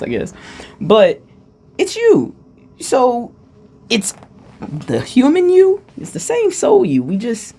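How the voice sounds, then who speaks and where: A woman giving a casual channeled spiritual talk, playful and chatty, who often checks in with her listeners and at times eases into a hushed, calming voice. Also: fairly high pitch. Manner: playful, chatty, asks "you get what I'm saying".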